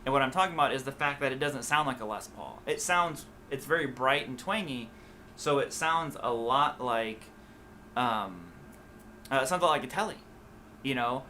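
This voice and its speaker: An American man with a blended Midwest and Southern accent talks off the cuff to a live audience, his voice bright and forward. He wanders through his thoughts with plenty of "like" and "um" and a lot of restarts. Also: mid-range voice, animated, moderate pace, a little hiss or hum. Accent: mixed Midwest and Southern US. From USA. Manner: rambling, loose, many fillers and restarts. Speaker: guitar teacher answering live chat. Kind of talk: casual livestream chat.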